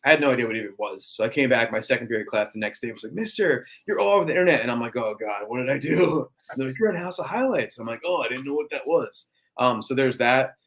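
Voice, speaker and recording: A man, chatting on a podcast as a guest. His pitch sits in an ordinary middle range. He talks loosely and tells stories with plenty of ums and uhs. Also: fast, a bit bright, poor audio. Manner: chatty storyteller, many fillers. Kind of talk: casual podcast conversation.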